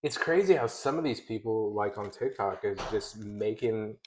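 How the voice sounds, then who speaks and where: A man's voice: fairly low pitch, expressive, normal speed, darkish tone, slight background noise. A man in his thirties co-hosting a casual podcast, talking in a laid-back way, swearing a lot and laughing often. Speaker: podcast co-host. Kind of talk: casual chat.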